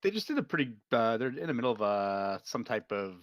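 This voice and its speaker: A man's voice: medium pitch, sing-song, a little fast, a bit bright, no room sound. A man co-hosting a podcast, chatting casually about games with blunt, offhand remarks. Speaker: podcast co-host.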